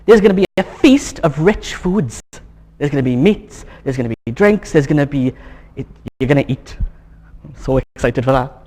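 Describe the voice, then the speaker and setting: A man preaching a casual, joking sermon at his church, chatty and coaxing the congregation to get excited. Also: mid-range voice, moderate pace. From Wales. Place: church hall.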